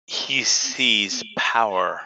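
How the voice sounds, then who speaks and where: A man voicing a cold, faceless female Sith who worships power, speaking in slow, flat, commanding pronouncements. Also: lowish voice, gravelly, no echo, full character voice, rough recording.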